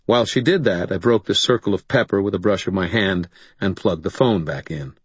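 Deep husky man narrating an audiobook. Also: brisk, no echo. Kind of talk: first-person audiobook narration.

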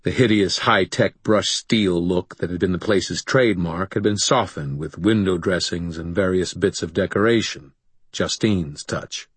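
A man narrating a first-person audiobook in a dry, gruff, matter-of-fact way. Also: low voice, measured pace, no room sound.

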